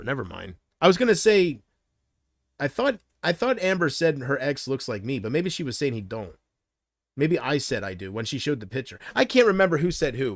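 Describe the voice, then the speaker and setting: A man's voice: fairly high pitch, dry recording, studio quality. A man on a casual livestream, rambling and unsure, drifting between thoughts while he answers viewer comments. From United States.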